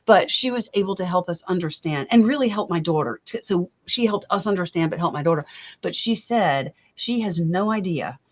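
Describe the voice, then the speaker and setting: A woman's voice: on the low side, lively intonation, normal speed. A middle-aged woman, a guest in a casual interview, telling a long personal story in a rambling, self-interrupting way, often apologizing for talking too much.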